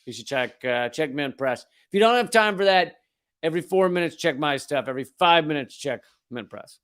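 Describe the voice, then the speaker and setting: A male comedy host delivering a news monologue in a sarcastic, profane voice. His voice is a bit higher than most men's, and he rambles, restarts and trails off as he riffs. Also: animated, normal speed, fairly bright tone, clear, resonant tone.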